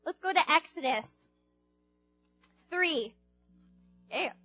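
High-pitched chatty young woman preaching. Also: animated, slow pace, long pauses, fairly bright tone, dry recording, highs cut off, soft background music. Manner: chatty, playful, acts out quotes, asks the audience. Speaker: youth speaker. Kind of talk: informal sermon to a group.

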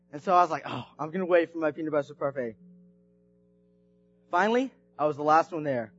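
A man preaching through a personal story, animated and swinging from hushed to shouting. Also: on the high side, lo-fi sound. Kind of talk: storytelling sermon.

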